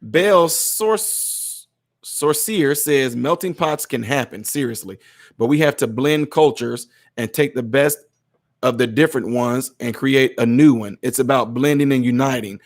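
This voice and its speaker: A man's voice: medium pitch, unhurried. A man hosting his channel, reading out viewer comments and answering them in casual, emphatic commentary, often repeating words to stress a point.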